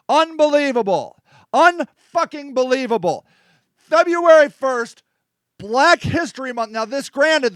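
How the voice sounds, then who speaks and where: A man delivers an angry commentary over a video, his voice sitting very high for a man. He speaks with indignant, profane emphasis. The sound is close and dry, with almost no room echo. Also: fairly bright tone, clean tone.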